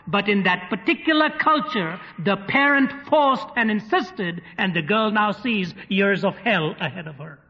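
A man's voice: sits high, expressive, unhurried, hardly any pauses. A man preaching to a live audience, telling stories vividly with touches of humor. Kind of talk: sermon storytelling. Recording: dull recording in a reverberant hall.

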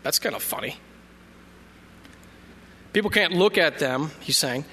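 A man's voice: fairly high pitch, expressive, measured pace, long pauses, bright, forceful tone, husky. A man preaching a sermon in a conversational way, reading scripture aloud and joking when he trips over names. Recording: long reverb of a hall.

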